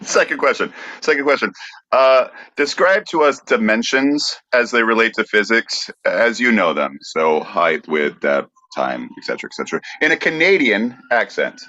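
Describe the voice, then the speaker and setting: Bright dry-voiced podcast host man. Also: fairly low pitch, sing-song, normal speed, dry recording. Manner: dry, matter-of-fact question reading. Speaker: podcast co-host asking questions. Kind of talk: casual podcast hosting. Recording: dry, dull lo-fi sound.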